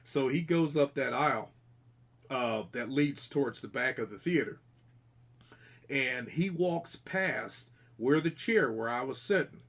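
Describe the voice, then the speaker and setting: A man's voice: mid-range voice, measured pace, creaky, a bit bright. A man on a podcast earnestly telling, in detail, about a ghostly encounter during an investigation, often restarting his sentences. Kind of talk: casual podcast storytelling.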